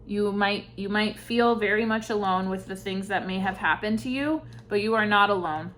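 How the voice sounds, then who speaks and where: A woman giving an intuitive tarot reading, speaking softly and reflectively, with sighs and pauses between thoughts. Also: mid-range voice, slight background noise. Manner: slow, soft-spoken, reflective, with sighs and pauses. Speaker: tarot reader.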